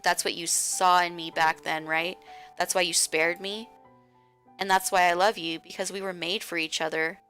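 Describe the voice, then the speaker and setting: A woman's voice: lowish voice, fairly even intonation, moderate pace, a bit bright, faint music behind. A woman voicing an obsessive, tearful young woman who clings to the one she loves and pleads with him. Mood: adoring.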